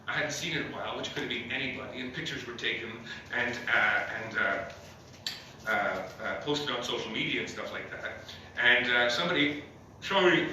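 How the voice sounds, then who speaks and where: A man doing stand-up in a club, rambling through deadpan jokes with plenty of ums and little chuckles. His voice is bright, slightly high and very sharp. The mic sits some way off, so the sound is roomy and echoey, with a faint hiss underneath. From Ottawa, Canada. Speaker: stand-up comedian. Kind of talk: stand-up comedy set. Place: comedy club. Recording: echoey club heard from a distance.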